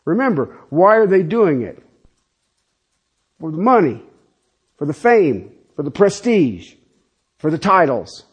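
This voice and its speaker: Animated, husky-voiced man preaching a sermon. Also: fairly high pitch, unhurried, pauses often. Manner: animated, conversational preaching with asides and laughs. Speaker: pastor.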